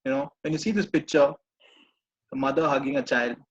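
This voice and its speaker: A man coaching a live group, gently repeating reassuring phrases. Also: mid-range voice, fairly quick, lo-fi sound. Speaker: personal growth coach.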